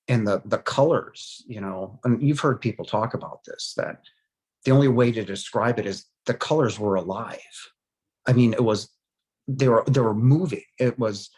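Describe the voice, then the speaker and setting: A man in his forties giving a personal testimony, earnest and halting, with frequent pauses and fillers, his voice softening into hushed moments. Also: mid-range voice. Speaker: near-death experience survivor.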